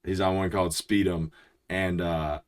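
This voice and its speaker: A young man hosting a music reaction, explaining things in an excited, rambling way full of restarts. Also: low-pitched, moderate pace. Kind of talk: casual reaction commentary.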